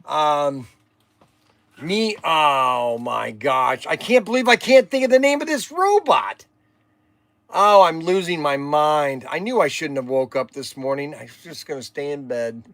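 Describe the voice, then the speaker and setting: A man's voice: on the high side, expressive, unhurried, a bit bright, no echo. An older man hosting a livestream, rambling and exasperated, sighing while he chats. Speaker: livestream host.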